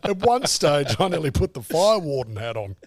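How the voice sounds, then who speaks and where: An Australian man, a breakfast radio host, banters as a podcast guest and makes fun of himself. His voice is somewhat high and leaps widely in pitch. The recording is dry and close. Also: big pitch swings, normal speed, dry recording. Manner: playful, self-mocking. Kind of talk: casual chat.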